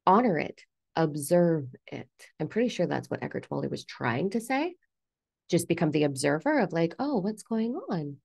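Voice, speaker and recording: A woman giving a blunt, animated motivational rant to camera as a self-help vlogger, swearing casually. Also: on the low side, vocal fry, dry recording, studio quality.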